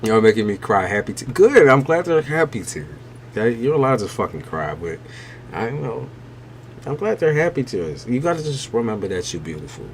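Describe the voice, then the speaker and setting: A man's voice: medium pitch, sing-song, brisk. Male tarot reader on a live stream, mid-range voice, blunt and profane, faint noise behind.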